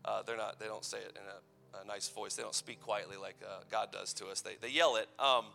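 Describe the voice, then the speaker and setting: Bright-voiced man preaching casually. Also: on the low side, fairly even intonation, a little fast, gravelly, a little hiss or hum. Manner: playful, conversational, teasing asides. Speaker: youth pastor. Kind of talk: youth sermon with personal stories.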